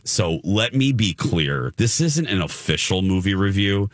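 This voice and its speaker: Guy hosting a chat show, deep voice, dry close sound, tells stories and does the quotes. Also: animated, moderate pace, few pauses, no echo. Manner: chatty storyteller, acts out quotes. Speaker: radio show host. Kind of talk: casual chat.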